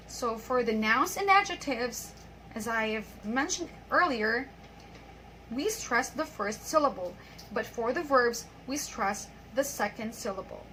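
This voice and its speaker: Woman, pronunciation teacher, patient and repetitive, bright voice. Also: a little high, slight background noise, low-quality recording. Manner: patient, repeats example sentences slowly. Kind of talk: online lesson.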